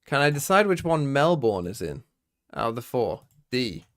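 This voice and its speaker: A man's voice: mid-range voice, sing-song, moderate pace, a bit bright. British male streamer quizzing chat. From Britain. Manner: swearing, quizzing himself aloud and talking to chat. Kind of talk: casual live-stream chat.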